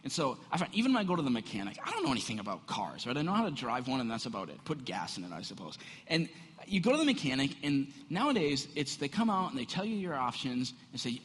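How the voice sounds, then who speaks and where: Animated pastor with a husky voice in a hall. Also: male voice, mid-range voice, fast talker. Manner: animated and conversational, asks rhetorical questions. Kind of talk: sermon. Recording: echoey hall.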